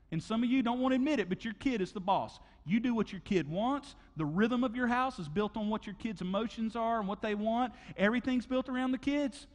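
A man preaching a sermon as pastor, conversational and animated, acting out stories with sound effects. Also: high voice, big-room sound. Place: church auditorium.

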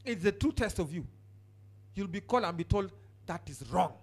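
A man preaching a sermon, jumping from shouted outbursts to quiet asides and telling the congregation to turn to their neighbors. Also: high voice, a little fast. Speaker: pastor.

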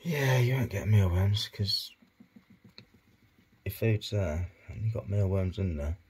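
A man talking softly and coaxingly to his pet hedgehog in a casual vlog. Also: lively intonation, slow pace, slightly rough. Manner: soft, coaxing, low-key murmuring to his hedgehog. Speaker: pet keeper vlogger.

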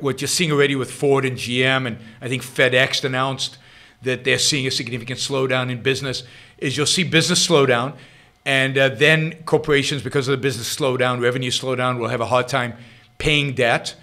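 Speaking at normal speed in a steady, medium-pitched voice that comes across pushed and bright, a middle-aged Israeli-accented man hosts his own show. He takes listener questions with emphatic, improvised commentary riddled with restarts and repeats.

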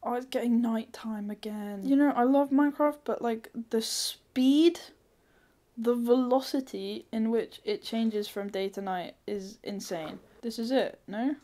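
Excitable woman gamer talking to herself. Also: a little high, a little slow. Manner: excitable, thinks aloud, swears, sudden squeals. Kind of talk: casual let's-play commentary.

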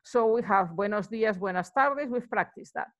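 A woman's voice: mid-range voice, lo-fi sound. Chatty woman teaching. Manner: chatty, many fillers, repeats words slowly for practice. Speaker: Spanish teacher. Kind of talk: relaxed video lesson.

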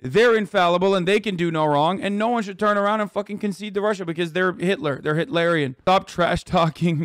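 A man with a fairly high voice rants furiously at his livestream chat, swearing freely as he reads out news and tears into viewers. The sound is dry and close, with no room around it. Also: fairly quick, hardly any pauses, no echo. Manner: angry, profane, reads news aloud then rants at chat. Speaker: streamer reacting to news. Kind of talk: heated livestream rant.

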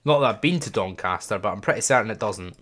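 Low-voiced gaming host. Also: male voice, expressive, fast, fairly bright tone. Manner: chatty, thinking aloud, self-deprecating. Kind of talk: casual gameplay commentary.

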